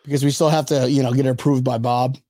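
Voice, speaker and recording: An excitable young man co-hosts a casual fan podcast, joking around and breaking into laughter. His voice sits in a middling register, and the sound is dry and close with little room tone. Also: mid-range voice, fast talker, dry recording. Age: young adult. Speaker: podcast co-host. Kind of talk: casual chat.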